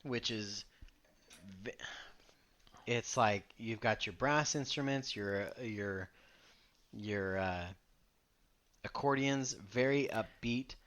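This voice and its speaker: A young man talking as a podcast guest, rambling with many fillers and telling animated stories. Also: fairly low pitch, slow pace, long pauses. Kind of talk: casual conversation.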